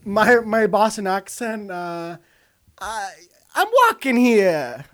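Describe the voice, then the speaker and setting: A man's voice: sits high, animated, normal speed. Man doing a vain, ditzy female movie star. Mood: airy, self-important. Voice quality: breezy, self-absorbed, scatterbrained. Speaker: guest in character. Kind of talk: improvised comedy character.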